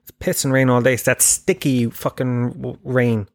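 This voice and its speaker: Swearing podcast host, dry sound. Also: male voice, medium pitch, steady tone, normal speed, no room sound. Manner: swearing, rambling, self-mocking storyteller. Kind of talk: comedic casual monologue.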